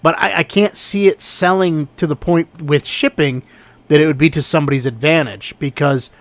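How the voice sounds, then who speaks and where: A man telling a story in a casual vlog, exasperated and animated as he recounts what happened. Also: a little high, normal speed, no room sound. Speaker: online reseller.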